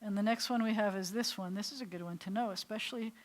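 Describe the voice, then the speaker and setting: A woman's voice: mid-range voice, quick pace. A woman, a rabbi teaching a small class in a classroom, chatty and step by step, often putting questions to her students. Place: classroom with a small group seated.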